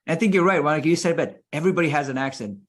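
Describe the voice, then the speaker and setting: A man speaking as a guest on a webinar panel, animated, laughing often and repeating his points. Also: fairly high pitch, very fast.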